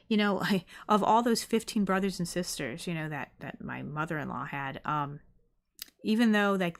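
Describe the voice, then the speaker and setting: A middle-aged woman streaming, chatting casually and rambling with many fillers as she reads viewer comments. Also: fairly low pitch. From United States.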